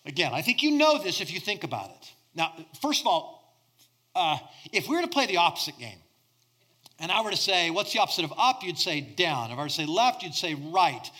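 A middle-aged man preaching a sermon, swinging between loud emphasis and hushed near-whispers. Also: high-pitched, sing-song, brisk. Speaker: pastor.

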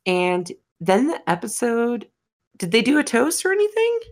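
A woman's voice: on the high side, sing-song, normal speed. A woman cohosting a podcast in casual chat, swearing freely, laughing often and rambling in asides. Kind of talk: casual chat recapping a dating show.

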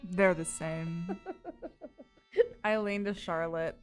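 A woman's voice: on the low side, fairly even intonation, takes it slowly, faint music behind. A woman narrating a tabletop game as game master, loose and giggly, swearing freely.

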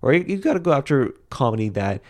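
A man's voice: mid-range voice, very animated, quick pace, darkish tone. A young man hosting a solo podcast, giving rambling, opinionated commentary full of restarts and fillers. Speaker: podcast host.

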